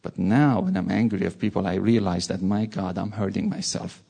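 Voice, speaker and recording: A man's voice: low-pitched, fairly even intonation, moderate pace, vocal fry, warm tone, slightly rough. A man preaching a sermon, telling a personal story in an earnest way and repeating words for stress.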